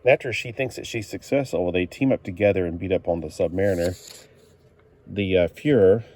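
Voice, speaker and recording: A man's voice: sits low, a little fast, a little mellow. A man giving a casual comic book review, rambling along with fillers and self-corrections.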